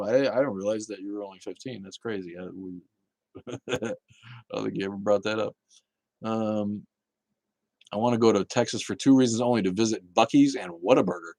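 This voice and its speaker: A man's voice: fairly low pitch, a little fast, darkish tone, dry recording. A man hosting a casual livestream, chatting bluntly with viewers, swearing and laughing often. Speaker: livestream host reading chat.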